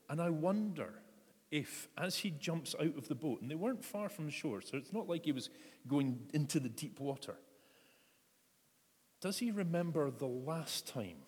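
A man's voice: mid-range voice, a little mellow, husky. A man preaching a reflective sermon, retelling a story and inviting his listeners to picture it. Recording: echoey hall reverb.

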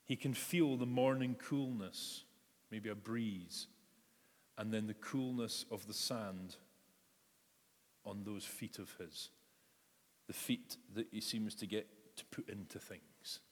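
A man's voice: on the low side, slow pace, long pauses. A man preaching a reflective sermon, retelling a story and inviting his listeners to picture it. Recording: echoey hall reverb.

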